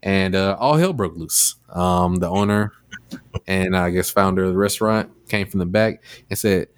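A man with a lowish voice hosts a casual podcast, wandering through a story with plenty of ums and likes. The sound is dry and close, with no room around it. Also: moderate pace, smooth, no echo. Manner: rambling with many fillers, animated retelling. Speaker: podcast host. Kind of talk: casual chat.

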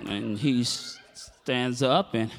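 A man's voice: mid-range voice, takes it slowly, vocal fry, in a large hall. A male pastor preaching a sermon in a church, telling stories with animation and building to impassioned, fiery preaching.

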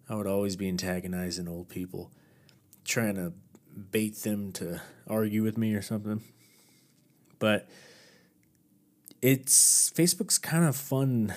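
A man hosts his own podcast solo, chatting casually in a rambling, self-deprecating manner. His voice is on the low side with a darkish tone.

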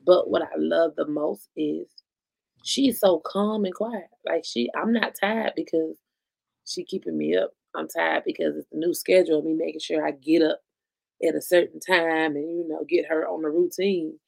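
A woman's voice: sits low, steady tone, normal speed, creaky, a little mellow, no echo. A woman co-hosting a podcast in loose, blunt casual chat, swearing freely and laughing often. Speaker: podcast co-host.

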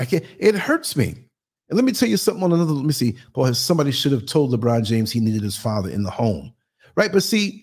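Husky man preaching on a live stream. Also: fairly high pitch, a little mellow. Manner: preachy, emphatic, street slang; rhetorical questions to the audience. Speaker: podcast host. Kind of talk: live stream commentary, reading viewer comments.

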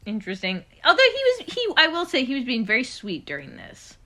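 A woman's voice: fairly high pitch, wildly swooping pitch, brisk, pushed and bright. A woman co-hosting a podcast in casual chat, wry and laughing. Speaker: podcast co-host.

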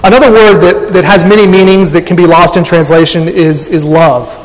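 A man's voice: high-pitched, steady tone, fairly quick. A man preaching a sermon in a thoughtful way, often restarting and repeating words as he works through an idea. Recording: long hall reverb.

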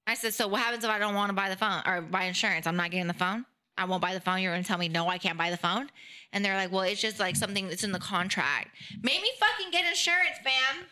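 Bright-voiced young woman ranting. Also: mid-range voice, quick pace. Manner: animated, swearing, acts out both sides of a quarrel. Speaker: podcast co-host. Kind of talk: casual ranting storytelling.

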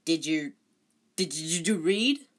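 A reader voicing a furious, spluttering old male school caretaker, loud and stammering. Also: medium pitch, measured pace. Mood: flustered.

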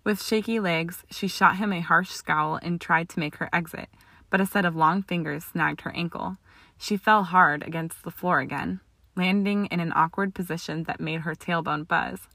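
A woman reads a story aloud in a steady, expressive narrating voice. Her tone is lowish yet bright and forceful. The sound is close and dry, with no room around it. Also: normal speed, dry recording. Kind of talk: audiobook reading of fan fiction.

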